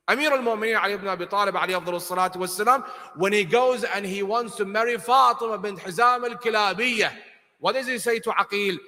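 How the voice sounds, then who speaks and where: A man giving an impassioned sermon at a mourning gathering, swinging from soft to loud and putting questions to his audience. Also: high voice, fast. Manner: asks the audience questions directly. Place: large hall with congregation. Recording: long hall reverb.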